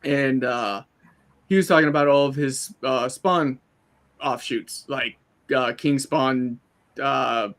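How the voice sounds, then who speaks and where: A man of middle pitch co-hosting a casual comics talk show. He tells long, animated stories and keeps slipping into quoting other people mid-sentence. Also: slow pace. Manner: animated storyteller, quotes people in put-on asides. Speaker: co-host. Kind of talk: casual chat.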